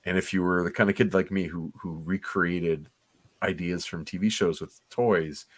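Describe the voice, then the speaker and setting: A man's voice: deep voice, fairly even intonation, moderate pace, dry recording. A man co-hosting a comics livestream, giving rambling, enthusiastic, nostalgic commentary on an old cartoon. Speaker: comics podcast co-host.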